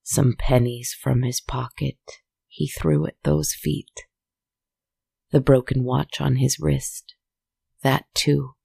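A storyteller reading a dark tale in a slow, solemn, measured way. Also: mid-range voice, vocal fry, husky, no echo. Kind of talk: scripted story narration.

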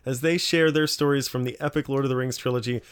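Male podcast co-host, casual rambler, middle pitch, reads blurbs aloud. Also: fairly even intonation, fast talker, clean tone. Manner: rambling, full of "like" fillers, reads out panel blurbs. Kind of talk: casual chat.

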